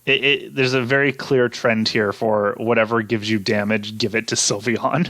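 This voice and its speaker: A man's voice: fairly low pitch, steady tone, normal speed, a bit bright, no room sound. A man hosting a casual chat, going through poll results in an easygoing way with fillers and small laughs. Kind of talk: casual chat about game data.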